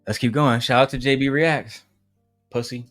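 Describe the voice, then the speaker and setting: A man's voice: mid-range voice, steady tone, moderate pace, a bit bright, dry recording, soft background music. Blunt, profane man ranting on a stream. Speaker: livestream host. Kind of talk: casual reaction stream chat.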